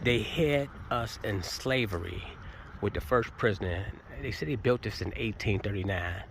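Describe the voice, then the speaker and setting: A man with a fairly low voice gives impassioned commentary outdoors, pointing out what he sees. Clear outdoor noise and passing vehicles are audible around him. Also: moderate pace. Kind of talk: on-site guided commentary.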